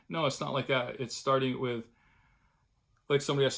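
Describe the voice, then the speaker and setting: A man's voice: medium pitch, steady tone, moderate pace, gravelly, fairly bright tone. A middle-aged man talking casually and at length in a home vlog, chatty and self-deprecating. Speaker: vlogger, cartoonist. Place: home studio room.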